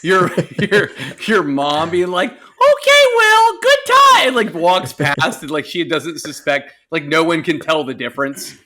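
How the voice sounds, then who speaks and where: A young man co-hosting a podcast, giggly and excitable, acting out voices as he retells memories. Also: on the high side, unhurried, few pauses. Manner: giggly, excitable, acts out voices while laughing. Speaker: podcast co-host. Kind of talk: casual chat.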